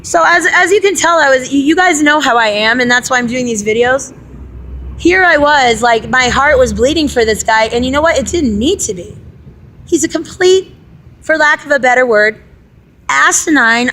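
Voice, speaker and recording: Young woman vlogging, high voice, exasperated and animated, talking right at her viewers. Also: moderate pace. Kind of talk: casual vlog monologue.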